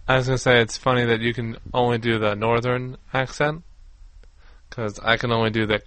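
A man co-hosts a loose comedic chat and answers with short, dry replies. His voice is bright and crisp. He talks at an everyday medium pitch. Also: fairly even intonation, fairly quick, dry recording.

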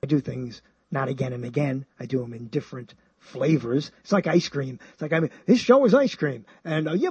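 A man hosting a show, talking about books in a rambling, animated way, often chuckling and swinging his pitch high and low. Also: breathy edge, no room sound, dull audio. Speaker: show host. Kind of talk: rambling radio-style talk about books.

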